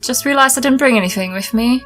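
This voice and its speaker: A woman's voice: fairly high pitch, quick pace, a bit bright, faint music behind. A woman playing a tabletop role-playing game, speaking in character in a nervous, flustered, giggly way. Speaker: player.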